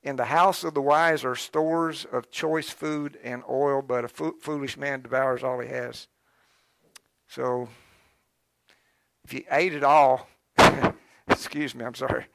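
A man's voice: mid-range voice, steady tone, takes it slowly, creaky, pauses often, a bit bright, no room sound. A middle-aged man preaching a sermon in a folksy, joking way. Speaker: pastor.

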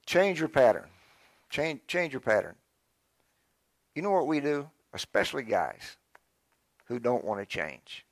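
An older man preaching a sermon in a folksy, animated way, calling on the congregation to answer back. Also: medium pitch, unhurried, creaky, long pauses, dry recording. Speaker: pastor.

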